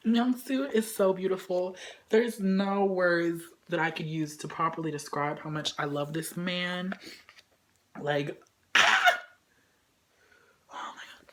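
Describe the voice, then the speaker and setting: A woman's voice: fairly low pitch, slow, pauses often, fairly bright tone, a little hiss or hum. A young woman at home unboxing a photobook in a casual vlog, gushing and squealing, dropping now and then to a whisper. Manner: gushing, squealing fangirl, swings between shrieks and whispers.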